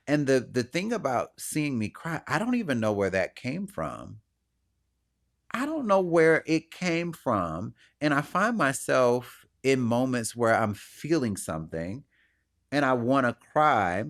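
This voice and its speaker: A man in the middle of his range hosts his podcast and reflects out loud on his own emotions. He speaks earnestly and in a searching, self-questioning way. Now and then he acts out other people's voices with animation. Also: mid-range voice, animated, unhurried, creaky. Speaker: podcast host. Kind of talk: personal reflective monologue.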